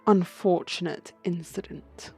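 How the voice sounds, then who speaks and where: A woman's voice: lowish voice, slow, vocal fry, a little mellow, slightly rough, faint music behind, full character voice. A gracious, formal baron welcoming visitors to his manor in a game, read out by a woman. He speaks with stiff, polite courtesy. Game playthrough read-aloud.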